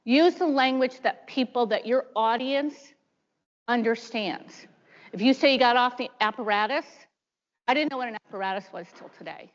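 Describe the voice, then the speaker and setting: A woman in her fifties, a prosecutor, giving a chatty seminar talk full of lively asides. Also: on the high side, moderate pace. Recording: dull lo-fi sound in a large hall.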